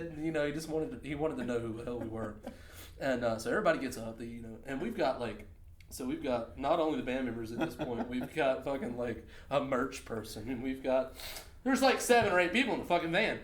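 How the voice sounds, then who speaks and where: A man's voice: mid-range voice, expressive, fairly quick, echoey room. A man co-hosting a podcast, telling a profane road story in casual chat and laughing often. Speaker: podcast co-host.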